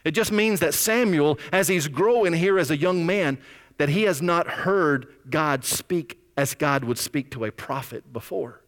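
A male pastor preaching a sermon in a conversational, animated storytelling way, with scripture readings. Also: fairly high pitch, unhurried, big-room sound.

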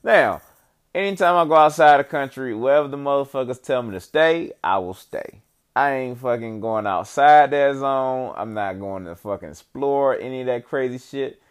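A man's voice: mid-range voice, normal speed, smooth. A young man rambling casually about his life, swearing often and leaning on slang and "you know what I'm saying.". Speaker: vlogger giving life updates. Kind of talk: casual profane monologue.

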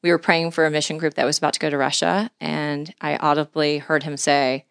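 A middle-aged woman, a podcast guest who is an angler and mission leader, tells long, heartfelt stories in an earnest, sincere way. Her low voice barely moves in pitch and runs fairly quick with a clean tone, recorded dry with clean studio sound.

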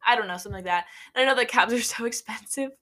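A woman's voice: a little high, very fast, fairly bright tone. A young woman from Nebraska casually telling a story to camera, chatty, with frequent laughs and lots of "like". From Nebraska, USA. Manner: chatty, laughs often, many "like" fillers. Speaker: vlogger.

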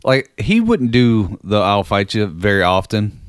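A man's voice: lowish voice, sing-song, a little slow, dry recording, studio quality. A young man telling a profane party story in casual chat, full of fillers like "like.".

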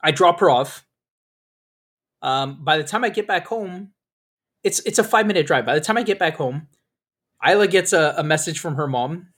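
A man's voice: fairly high pitch, animated, normal speed, pauses often, a bit bright. A man hosting a podcast in casual chat, rambling through stories with frequent swearing and laughter. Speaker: podcast host.

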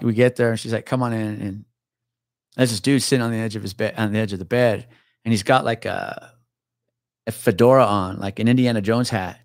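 A low-pitched man, a retired police officer, spins a story as a podcast guest, cursing casually and chuckling along the way. The sound is close and dry. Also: no room sound. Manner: swears freely, laughs through his story.

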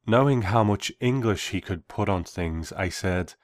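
A man reading a first-person story aloud in a measured, reflective way. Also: low voice, no room sound.

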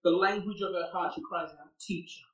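A man's voice: sits high, fairly even intonation, brisk. A man preaching a sermon, earnest and asking his listeners rhetorical questions. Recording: echoey room, far from the mic.

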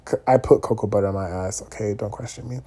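Husky-voiced young man chatting candidly. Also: on the low side, fast talker. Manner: chatty, candid, animated with frequent "okay?" asides. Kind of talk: casual vlog monologue.

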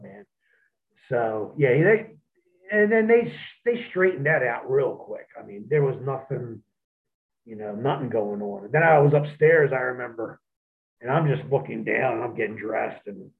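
A man, a wrestler, telling profane, animated stories as an interview guest over a phone line. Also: medium pitch, normal speed, gravelly. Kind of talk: storytelling in an interview.

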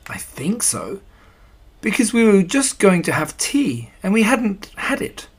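A reader voicing a slow-thinking, gentle bear in a storybook reading, thoughtful and a little mumbly. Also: mid-range voice, big pitch swings, husky, voice pushed up. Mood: mild.

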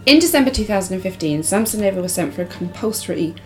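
A woman's voice: medium pitch, expressive, quick pace, darkish tone, low-quality recording. A woman hosting a casual podcast, reading case details and then chatting loosely with her co-host. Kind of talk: casual true-crime chat.

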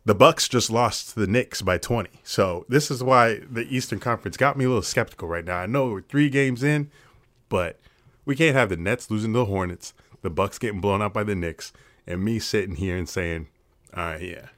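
A laid-back man with a low voice, chatting casually about basketball as a podcast co-host. He swears freely and laughs a lot. The sound is dry and close. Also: a little fast, a bit bright, no echo. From Florida. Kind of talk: casual sports chat.

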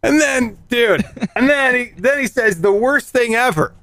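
A man telling a story in casual chat, animated, swearing and acting out voices. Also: extremely high pitch, measured pace.

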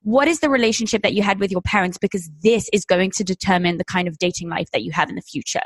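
A woman's voice: mid-range voice, fast, no echo. A woman hosting a podcast in casual chat, blunt and teasing, swearing freely. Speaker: podcast host.

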